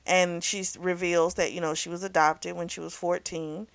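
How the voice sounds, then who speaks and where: Chatty woman with a lowish voice. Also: little pitch movement, moderate pace, creaky, no room sound. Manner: chatty, rambling, full of "like" and "you know"; self-correcting, loses track of names. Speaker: book club host. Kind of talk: casual book recap.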